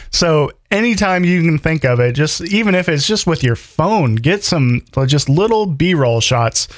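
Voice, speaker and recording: A man hosting a photography podcast, talking in an animated way, laughing easily and acting out other people's voices. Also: fairly high pitch, normal speed, hardly any pauses, dry recording. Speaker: podcast host. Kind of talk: podcast conversation.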